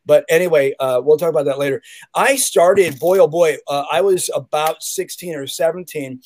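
A man's voice: on the high side, normal speed, darkish tone. A man who is a guest on a podcast, telling stories in a joking, rambling way in casual chat. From California. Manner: jokey, rambling storyteller.

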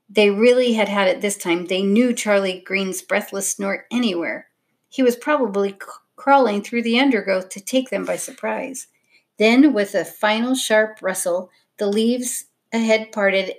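A woman narrating a children's storybook in a steady, expressive reading voice. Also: mid-range voice.

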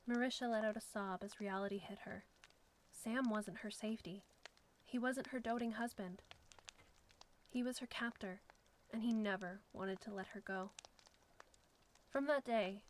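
A woman narrating a suspenseful story in a steady storytelling manner. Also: fairly high pitch, a little hiss or hum, poor audio.

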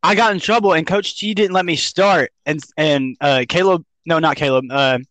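A man's voice: on the high side, moderate pace, a bit bright, no echo, rough recording. A teenage young man chatting casually with friends as a podcast guest, teasing and joking.

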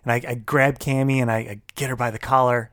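Man, podcast co-host, casual storytelling, animated, acts out quotes, dry close sound. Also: medium pitch, quick pace, no echo. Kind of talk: casual chat, telling a story.

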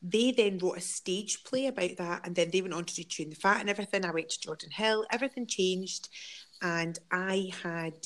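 A woman's voice: on the low side, brisk. A middle-aged woman with a Scottish accent, an actress sharing anecdotes in a casual interview, laughing often as she tells stories.

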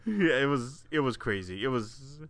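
Bright-voiced laughing storyteller man. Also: mid-range voice, animated, normal speed, no room sound. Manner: storytelling with frequent laughter and profanity. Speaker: podcast co-host. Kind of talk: casual chat.

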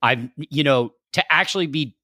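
A man's voice: on the high side, bright, forceful tone, no room sound, studio quality. A man co-hosting a casual chat, who asks questions and drops in short replies. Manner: quick, interjecting with short responses.

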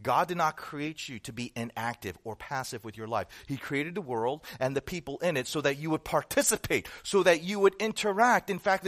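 Male pastor, sermon, emphatic, rhetorical questions, fairly high voice. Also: a bit bright.

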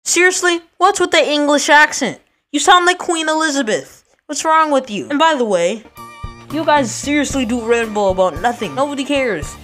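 A woman voicing a boastful, pompous boy podcaster who taunts his rivals in a brash, lively way. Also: high voice, normal speed, faint music behind.

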